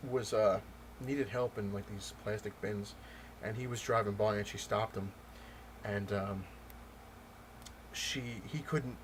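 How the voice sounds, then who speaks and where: A man vlogging about comics, telling a story in a loose, rambling way with many pauses and restarts. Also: lowish voice, a little hiss or hum. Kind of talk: casual storytelling rant.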